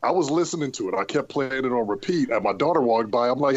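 A man sharing stories as a guest on a casual podcast, in a relaxed, earnest way. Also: mid-range voice, quick pace.

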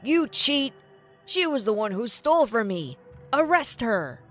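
A woman's voice: high voice, sing-song, measured pace, soft background music. A woman doing an angry pawn shop owner. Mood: accusing. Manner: loud, accusing.

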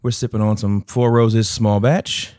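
A low-pitched man talks through a film review in loose, casual chat. He jokes freely and laughs off his own mistakes. The sound is close and dry, with no room around it. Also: flat delivery, unhurried, a little mellow, no room sound. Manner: joking, laughs at own slips. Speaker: podcast co-host.

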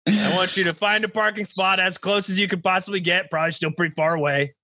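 Bright, high-voiced man giving bossy orders. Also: steady tone, quick pace, no echo, clean studio sound. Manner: bossy, briefing tone, ends lines with "okay?". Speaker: improviser playing a commanding officer. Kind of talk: improvised comedy scene.

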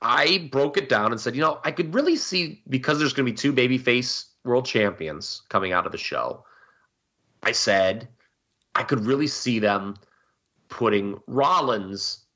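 Lively, bright-voiced opinionated man. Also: medium pitch, muffled recording. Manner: opinionated, emphatic, rambling analysis. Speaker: podcast co-host. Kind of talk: casual wrestling podcast chat.

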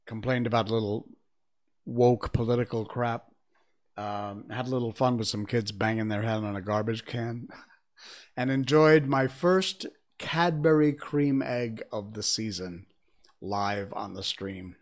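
A man's voice: medium pitch, unhurried. A man hosting a livestream, reading a storybook aloud and chatting casually with viewers. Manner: chatty, laughing, animated. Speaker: livestream host and reader.

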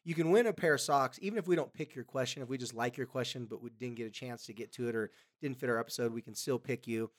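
A man's voice: mid-range voice, quick pace, few pauses. A man hosting an advice podcast, chatting casually with frequent ums, coughing now and then. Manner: relaxed, with frequent ums and quoted voices. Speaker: podcast host.

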